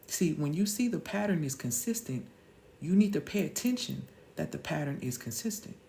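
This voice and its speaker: A woman's voice: low-pitched, animated, moderate pace, vocal fry, warm tone, a little hiss or hum. A woman in her thirties hosting a live-stream motivational talk, emphatic and slangy, firing off rhetorical questions.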